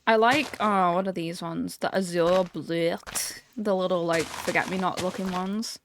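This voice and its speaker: A woman with a northern English accent chatting casually during a game stream, relaxed and casually swearing. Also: fairly low pitch, unhurried, background noise. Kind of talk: casual gaming stream chat.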